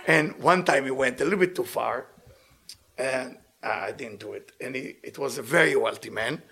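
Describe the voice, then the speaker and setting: A man giving a religious lecture, telling stories in an animated way and often laughing. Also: mid-range voice, moderate pace, gravelly, husky. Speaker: Torah teacher.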